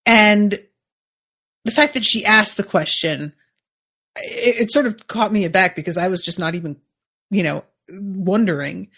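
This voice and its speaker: A woman hosts a podcast and talks through a TV episode at an easy, unhurried pace. Her voice sits in a middle register. She muses aloud and scatters "like" through her sentences as she works out her opinions. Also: medium pitch, fairly bright tone, breathy edge. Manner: chatty, musing, full of "like" asides. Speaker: podcast host. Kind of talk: casual episode recap.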